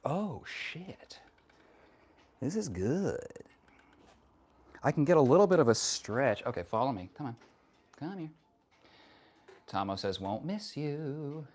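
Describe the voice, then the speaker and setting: Very deep-voiced woman, wry workout streamer. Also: very animated, moderate pace, pauses often, darkish tone. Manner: wry, profane, teasing chat. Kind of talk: casual livestream chat while working out.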